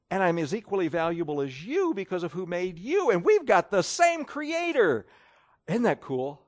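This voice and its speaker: Male preacher, folksy and emphatic sermon delivery, slightly high voice with wide pitch swings. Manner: animated, emphatic, folksy, rhetorical questions to the congregation.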